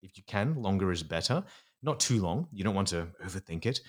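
Aussie guy, bit low voice, earnest psychologist explaining stuff on a podcast. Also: expressive, a little fast. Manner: earnest, explanatory, slips into acting out inner voices. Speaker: psychologist guest. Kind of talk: podcast interview.

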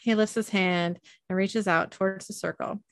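A young woman hosting a podcast, reading an episode recap aloud in a loose, casual way with plenty of ums. Her voice sits at an average pitch and is recorded dry and close. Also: steady tone, normal speed, dry recording. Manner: casual, with frequent ums and laughs. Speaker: podcast host.

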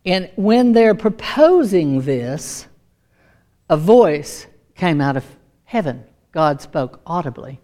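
A woman's voice: lowish voice, very animated, takes it slowly, mellow. A woman preaching a sermon, emphatic and repeating her key lines.

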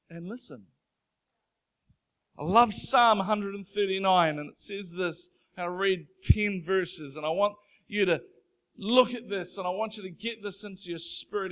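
Fervent, high-voiced male preacher. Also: a bit bright. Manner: earnest, emphatic preaching that swells into fervent declaration; reads scripture slowly and deliberately. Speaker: pastor. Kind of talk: sermon.

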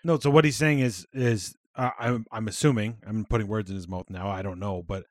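Guy rambling on a podcast, talks fast, swears a lot, dry close sound. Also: lowish voice, no room sound. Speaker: podcast co-host. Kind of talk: casual chat.

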